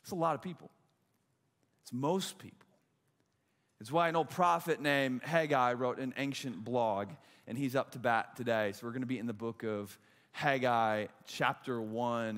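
A young adult man giving a sermon as pastor, an animated, self-mocking storyteller. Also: medium pitch. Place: church auditorium. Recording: long hall reverb.

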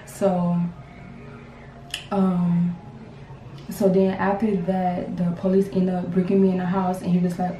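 Young woman, grieving mother, halting emotional storytelling, low mellow voice, echoey room. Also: completely flat delivery, slight background noise. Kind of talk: casual storytelling to camera. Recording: roomy sound from a distance.

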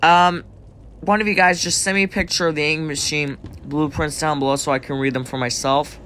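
A man's voice: a little high, steady tone, a little fast, background noise. A young man casually commentating a game as he plays, rambling to himself and to his viewers. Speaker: gaming YouTuber. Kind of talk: casual let's play commentary.

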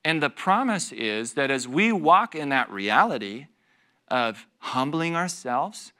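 Bright, animated male pastor. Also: medium pitch, slow pace. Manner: animated, self-deprecating storytelling with laughs and asides to the congregation. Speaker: pastor teaching a Bible study. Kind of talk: conversational sermon. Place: church.

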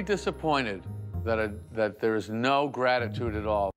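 Man, deadpan, sardonic, TV confessional, soft music underneath. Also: mid-range voice, brisk. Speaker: celebrity dog owner on a reality show. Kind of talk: dry confessional interview.

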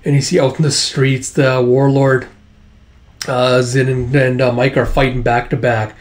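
A man's voice: medium pitch, flat delivery, a little slow. Casual man narrating a comic. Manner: loose, filler-heavy and profane. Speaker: comic reader, vlogger.

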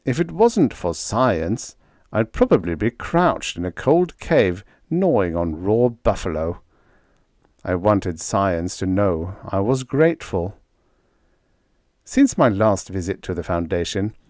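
A man narrating a humorous story in the first person, with a wry, deadpan manner. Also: fairly low pitch, dry recording, clean studio sound. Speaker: audiobook narrator.

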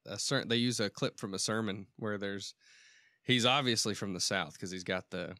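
A man's voice: fairly low pitch, moderate pace, pushed and bright, dry recording, studio quality. A man co-hosting a faith podcast in casual chat, rambling a little and restarting his sentences as he explains. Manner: rambling, self-correcting, restarts often. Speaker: podcast co-host.

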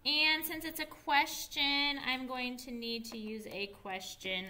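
A woman teacher giving an early reading lesson to young children, spelling words out slowly and praising them. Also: high voice, fairly even intonation, pushed and bright, slight background noise. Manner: slow, clear spelling aloud and encouraging praise. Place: school.

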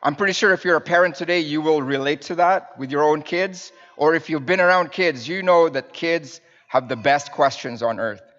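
A man's voice: on the high side, moderate pace, hardly any pauses. A man in his thirties preaching a sermon as a minister, telling family stories in a conversational, storytelling way to the congregation. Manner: warm storytelling with fillers and restarts, addressing the congregation. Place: church sanctuary with pews. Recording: dull sound in a reverberant church hall.

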